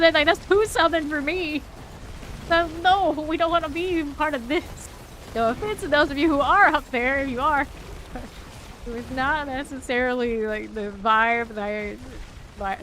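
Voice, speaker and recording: A woman from Central Florida chatting casually with her viewers while playing a game, laughing often. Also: mid-range voice. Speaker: streamer. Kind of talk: casual live-stream chat while gaming. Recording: steady background noise.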